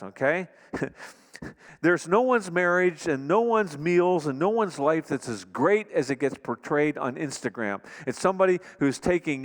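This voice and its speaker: Conversational pastor in an echoing hall. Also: male voice, on the high side. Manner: conversational, acts out couples' quarrels. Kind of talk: sermon.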